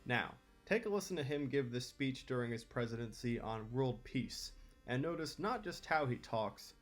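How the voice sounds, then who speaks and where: A man's voice: mid-range voice, animated, moderate pace, soft background music. A man hosting a history channel, narrating scripted commentary with opinionated, wry asides.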